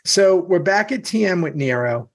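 Middle-aged male co-host, husky, relaxed profane anecdotes. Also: high voice, normal speed. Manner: profane, laughing storyteller. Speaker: podcast co-host. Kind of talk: casual chat.

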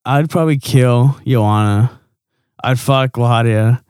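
A young man co-hosting a casual sports chat, crude and quick to laugh, with many fillers. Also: medium pitch, darkish tone, smooth, no room sound, clean studio sound. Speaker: podcast co-host.

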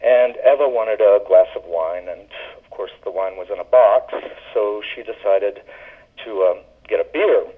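A man's voice: lowish voice, moderate pace. A man who calls in and tells rambling stories about his years as a flight attendant, with lots of ums and uhs. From Southern US. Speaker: caller, former flight attendant. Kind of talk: casual storytelling. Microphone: telephone. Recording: tinny phone line.

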